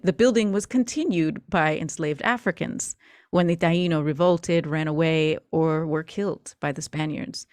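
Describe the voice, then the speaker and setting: A woman runs a tabletop horror game, painting scenes in a chatty, descriptive way and often pausing on fillers. Her voice sits a little low for a woman. It comes through dry and close, with no room sound. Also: no echo. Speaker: game master.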